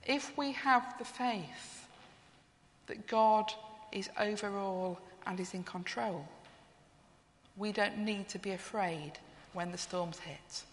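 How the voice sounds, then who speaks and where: A woman's voice: mid-range voice, takes it slowly. A woman preaching a sermon. She reflects on her theme and asks the congregation questions. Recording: long reverb of a church hall.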